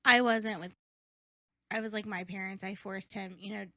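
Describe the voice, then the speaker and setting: Young woman, bright and chatty podcast co-host, emphatic, dry close sound. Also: mid-range voice, fairly even intonation, normal speed, no room sound. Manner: chatty, emphatic, swears casually. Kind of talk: casual chat.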